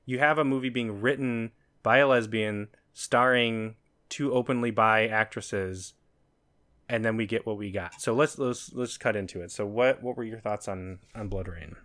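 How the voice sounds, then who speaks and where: A man hosting a podcast, chatting and telling stories in a relaxed way. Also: lowish voice, moderate pace. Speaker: podcast host. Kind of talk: casual podcast chat.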